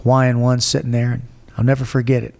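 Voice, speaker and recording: A gravelly man in his forties tells his life story bluntly, swearing freely. His voice has a rough edge and trails off into a long reverb. He sounds animated and plain-spoken. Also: mid-range voice, quick pace. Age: 40s. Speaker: guest. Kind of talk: casual storytelling interview.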